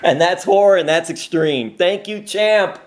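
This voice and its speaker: High-voiced upbeat interview host man. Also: a little slow. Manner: upbeat, chatty, laughs easily. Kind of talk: casual interview.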